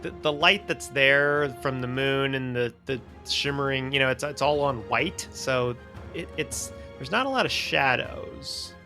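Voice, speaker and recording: A man's voice: medium pitch, a little slow, pushed and bright, soft background music. A man running a tabletop game as dungeon master, narrating loosely with restarts and laughs.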